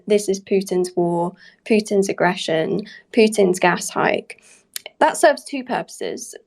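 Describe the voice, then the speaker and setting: A woman correspondent giving a measured, deliberate news analysis on a podcast. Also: medium pitch, creaky.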